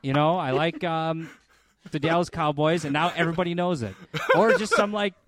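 A man's voice: on the high side, normal speed, a bit bright, no room sound, clean studio sound. A man co-hosting a podcast, arguing back in casual banter, swearing and filling gaps with "like" and "you know". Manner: argumentative, profane, uses many fillers. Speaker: podcast co-host.

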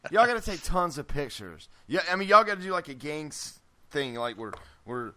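A man hosting a casual podcast, animated and joking. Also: fairly high pitch, moderate pace. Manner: animated, joking, chants nonsense syllables. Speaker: podcast host.

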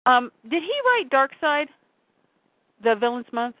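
A woman's voice: high voice, big pitch swings, measured pace, dry recording. A woman co-hosting a casual chat about comics, talking loosely, laughing often and acting out quotes. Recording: tinny phone-like line.

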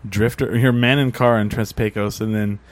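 A man hosting a podcast, joking and swearing in casual chat and asking quick questions. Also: lowish voice, steady tone. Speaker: podcast host.

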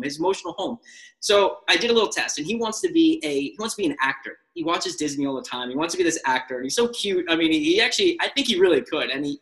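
A man, a life skills coach and guest on a radio show, telling a story in a casual, animated way and acting out the lines he quotes. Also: on the high side, low-quality recording.

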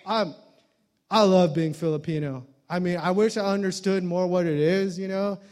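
A male pastor gives a relaxed, conversational sermon, stopping and restarting his sentences. His voice sits unusually high for a man. He mixes scripture with playful asides. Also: normal speed. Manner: conversational, joking, many fillers and restarts.

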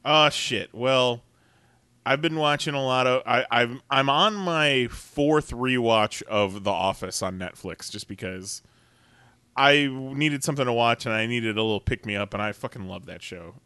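A man chats on a podcast with a bright, forceful tone, ranting and swearing freely and laughing often. The sound is dry and close, with no room around it. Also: medium pitch, unhurried, smooth, no echo. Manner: profane, animated ranting with frequent laughs. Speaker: podcast co-host. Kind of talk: casual chat.

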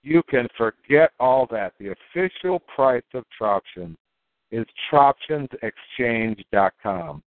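A man explains things in a rambling, animated monologue, his voice jumping up for emphasis as he mimics other people's reactions. It sounds like it was recorded through a tinny, phone-like line. The sound is flat and dry, with no room around it. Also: medium pitch, slow, dry recording. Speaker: crypto token promoter.

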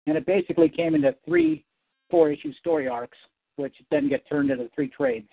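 A man, a comic book writer, talking as a guest in a casual interview, animated and rambling. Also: a little high, brisk, vocal fry, dry recording. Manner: animated, rambling, self-correcting. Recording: dry, tinny phone-like sound.

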